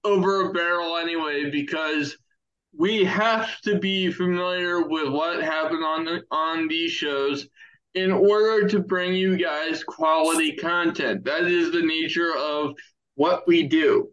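A man co-hosting a podcast, making his points in a deliberate, emphatic way. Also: fairly high pitch, fairly even intonation, fairly bright tone, roomy sound, lo-fi sound. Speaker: podcast co-host. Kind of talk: casual chat.

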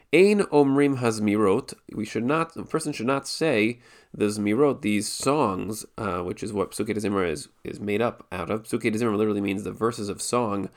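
Male teacher, lower register; explanatory lesson delivery with frequent self-corrections. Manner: thoughtful, many restarts and repeated words. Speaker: Torah teacher. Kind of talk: spoken Jewish law lesson.

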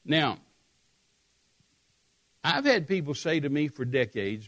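A man preaching a sermon, telling a scripture story with emphatic repetition and animated storytelling. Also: on the high side, slow pace, long pauses.

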